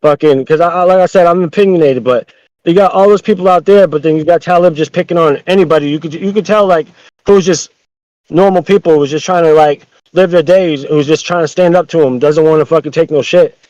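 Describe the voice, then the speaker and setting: Brief: rapid-fire, slightly high-voiced man ranting as a podcast guest, profane and full of restarts. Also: darkish tone, no echo. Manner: heated, profane, rambling with many restarts. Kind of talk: casual podcast chat. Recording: dull lo-fi dry sound.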